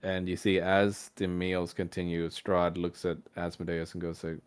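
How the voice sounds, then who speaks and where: A man narrating a tabletop game as game master, in a relaxed storytelling manner. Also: deep voice, moderate pace, hardly any pauses, smooth, faint music behind.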